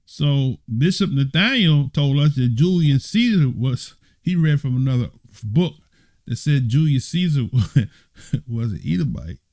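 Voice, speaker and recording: Leading a Bible study, a man reads passages aloud and comments on them at a measured pace, his middling pitch rising and falling freely. He often breaks off for playful, mock-surprised exclamations and teasing, laughing asides. The recording is dry.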